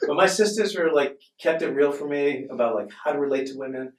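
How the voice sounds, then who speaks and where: A man from Boston, a podcast guest talking about wine in a loose, animated way, swearing often. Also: on the high side, fairly quick. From Boston, USA. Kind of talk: casual conversation. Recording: roomy, distant mic.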